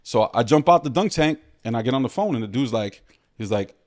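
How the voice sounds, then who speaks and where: A man from New City, telling stories as a guest in a casual podcast chat, animated and full of street slang. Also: mid-range voice, brisk. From New York City.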